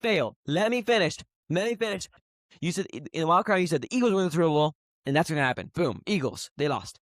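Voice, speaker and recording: Fast, high-voiced young man ribbing a friend. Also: animated, dry recording, studio quality. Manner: fast, repetitive, talks over the other, teasing. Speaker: podcast co-host. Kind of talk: heated casual sports debate.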